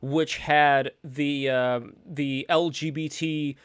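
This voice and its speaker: A man's voice: a little high, fairly even intonation, slow, smooth, dry recording, clean studio sound. A man hosting a casual online stream, rambling between topics and reading out viewer donations. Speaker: stream host.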